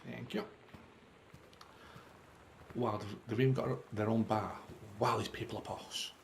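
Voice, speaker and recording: A man's voice: lowish voice, fairly even intonation, unhurried, vocal fry, slight background noise. Chatty man playing a game. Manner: chatty, self-mocking running commentary. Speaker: gaming channel host. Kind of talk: let's play commentary.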